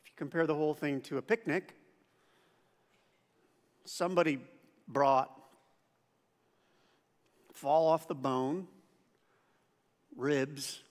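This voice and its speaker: High-voiced pastor preaching in a reverberant hall. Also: male voice, steady tone, takes it slowly, long pauses. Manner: conversational, asks the audience questions, acts out quoted voices. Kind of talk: sermon. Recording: church hall with long reverb.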